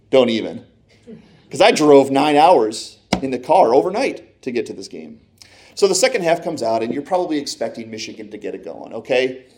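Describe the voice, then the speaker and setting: A man telling a personal sports anecdote in a lively way, acting out his own past reactions as he goes. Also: mid-range voice. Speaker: storyteller.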